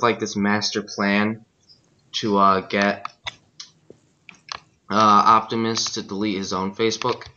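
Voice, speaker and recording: A man casually retelling a video to friends, halting often with fillers. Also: lowish voice, pushed and bright, slight background noise. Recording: muffled lo-fi recording.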